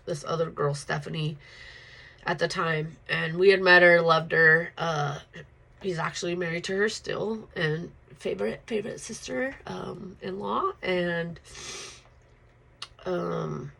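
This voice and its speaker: A woman's voice: fairly low pitch, unhurried, gravelly, pushed and bright, poor audio. A woman telling a personal story in a casual, rambling way, full of fillers and blunt swearing.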